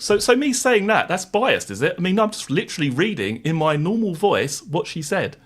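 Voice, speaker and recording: A man's voice: sits high, big pitch swings, moderate pace, few pauses, fairly bright tone, breathy edge. A man hosting a live stream, chatting to viewers and reading court transcripts in a plain voice, wry and sarcastic toward critics.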